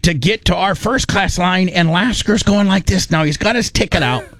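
A man casually telling a comic travel story, animated and fond of mimicking the people in it. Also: sits high, normal speed, no room sound. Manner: animated, mimics others' voices in quotes.

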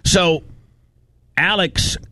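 Animated man ranting on talk radio. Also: high voice, very slow, dry recording. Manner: animated storytelling, ranting, frequent restarts. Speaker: radio show host. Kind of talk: casual talk radio banter.

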